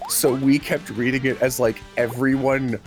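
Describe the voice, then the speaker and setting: Man, casual stream chat, animated storytelling, quick laughs, faint music underneath. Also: medium pitch. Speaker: livestream co-host.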